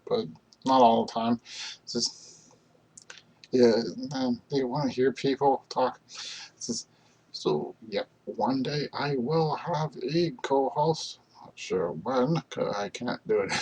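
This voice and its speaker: A Canadian man chatting casually on his own stream, meandering and halting with many fillers and restarts. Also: medium pitch, a little mellow, breathy edge, low-quality recording. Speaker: solo streamer. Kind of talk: rambling casual vlog chat.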